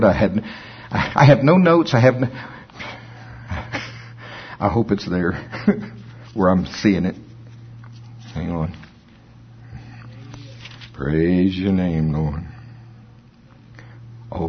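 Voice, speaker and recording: Male preacher, husky, chatty sermon delivery, slows down to read scripture, slightly low voice. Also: muffled recording. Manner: conversational, reads scripture slowly and deliberately. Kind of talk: informal sermon with scripture reading.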